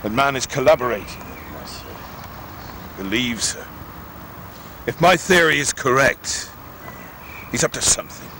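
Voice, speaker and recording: An actor brings to life a conspiratorial older gentleman who coaxes and talks down to people. The voice is bright and sharp, swooping up and down in lively pitch, over a faint hiss from an old videotape. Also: unhurried, pauses often. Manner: persuasive, theatrical, condescending. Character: scheming older man, suspicious and cajoling. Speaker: actor in a 1950s mystery drama. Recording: hissy old VHS film transfer.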